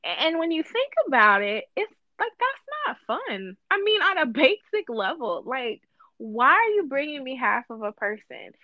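A woman's voice: sits high, big pitch swings, moderate pace, no room sound, lo-fi sound. A woman co-hosting a casual podcast chat, talking emphatically and repeating phrases for stress. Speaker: guest co-host.

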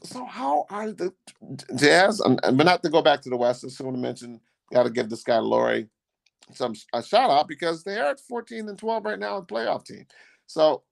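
A man co-hosting a podcast, talking casually about basketball in a rambling, halting way with many restarts. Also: a little high, creaky, no echo. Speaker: podcast co-host. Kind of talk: casual sports chat.

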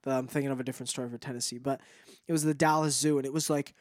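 A man's voice: medium pitch, steady tone, very fast, no echo, clean studio sound. A man co-hosting a podcast in casual chat, rambling with lots of fillers and swearing. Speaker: podcast co-host.

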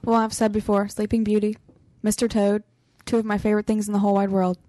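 A chatty woman tells a story among friends in a studio, laughing often and acting out quoted lines. Her voice sits at a middle pitch and sounds close and dry, with no room around it. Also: level tone, fast, warm tone, dry recording. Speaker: podcast team member. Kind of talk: casual storytelling chat.

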